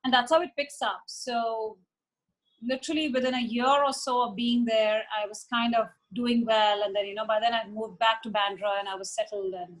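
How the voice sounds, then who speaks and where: A woman tells a long story in a chatty, animated way, slipping into other people's voices. Her voice sits a little high. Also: moderate pace, rough recording. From India. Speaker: interview guest, former model. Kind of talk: casual storytelling.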